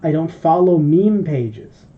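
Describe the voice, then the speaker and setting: A man's voice: fairly high pitch, expressive, slow pace. A man co-hosting a podcast, telling a long, rambling, profane story in casual chat. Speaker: podcast co-host. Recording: dull lo-fi podcast audio.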